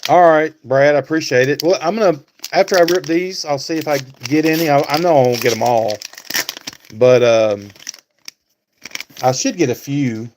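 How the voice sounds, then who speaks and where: A man's voice: fairly high pitch, normal speed, slight background noise. A man hosting a casual live stream, talking to viewers by name and thinking aloud with many fillers. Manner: talks back to chat viewers by name.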